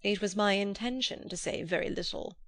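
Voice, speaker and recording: A pompous, indignant clergyman, cold and clipped in every line, voiced by a woman narrator. The reading sits in a dry, close space with mid-range pitch. It is storybook character work rather than full acting. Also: brisk, fairly bright tone, no echo, natural voice. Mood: frigid. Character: stern, pompous male English chaplain.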